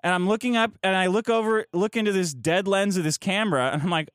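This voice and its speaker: A man's voice: high voice, quick pace, hardly any pauses, slight background noise. A man telling a profane, mocking story as a podcast guest, close to the mic.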